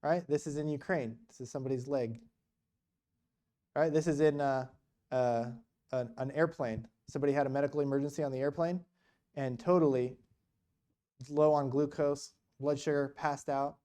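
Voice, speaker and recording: A man's voice: mid-range voice, steady tone, moderate pace, dark tone. A man giving a casual storytelling talk in church about mission work, with many restarts. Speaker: guest speaker on mission work.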